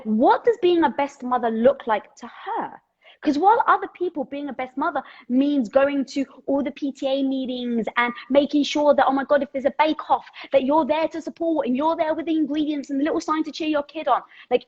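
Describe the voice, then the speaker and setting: A woman, chatty and casual, giving motivational talk on a live stream through a headset, swearing lightly as she thinks out loud. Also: sits high, brisk, lo-fi sound.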